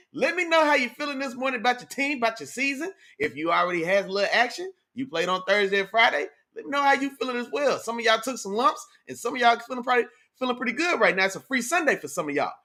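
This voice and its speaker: A man's voice: extremely high pitch, sharp tone. A young man hosting a casual sports livestream, hyped and slangy, calling out his chat viewers. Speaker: sports talk livestream host.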